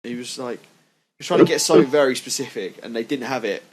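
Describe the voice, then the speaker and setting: A man's voice: medium pitch, fast, background noise. A young man co-hosting a podcast, telling stories in a casual chat, swearing freely and sounding indignant. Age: young adult. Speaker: podcast co-host.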